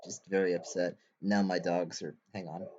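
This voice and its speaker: A man with a low voice co-hosts a reaction stream, dry and easygoing with a gentle teasing edge. His audio sounds dull and lo-fi, like a muffled home mic. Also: flat delivery, moderate pace, slight background noise. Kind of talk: casual chat.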